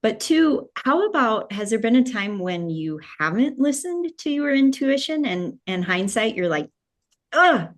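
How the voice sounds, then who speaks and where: A woman's voice: fairly high pitch, big pitch swings, moderate pace, few pauses. A woman hosting an interview podcast, affirming her guest in an upbeat way before asking her next question. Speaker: podcast host. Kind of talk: interview conversation.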